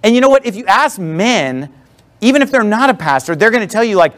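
A man's voice: high-pitched, sing-song, brisk, fairly bright tone. A man preaching a sermon as a pastor in a church, blunt and emphatic, with sarcastic asides. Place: church with a responding congregation.

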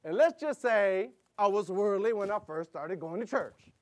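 A middle-aged man preaching a sermon, telling stories with animated delivery, laughing and acting out voices. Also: high-pitched, moderate pace. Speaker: pastor.

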